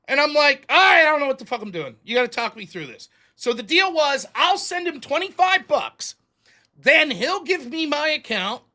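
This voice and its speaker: Male host, high and very lively voice, self-mocking storyteller who acts out dialogue. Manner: animated, acts out both sides of dialogue. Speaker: livestream show host. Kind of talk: casual storytelling.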